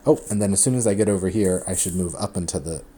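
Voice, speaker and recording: A lower-pitched man with a warm, mellow tone gives a math lecture at a quick pace, chatty and animated in his explanations. He often interrupts himself, stopping and restarting mid-sentence, over a faint recording hiss.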